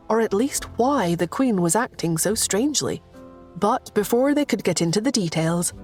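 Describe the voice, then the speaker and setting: Lower-voiced woman narrating a story. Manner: steady, measured reading. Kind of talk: scripted narration.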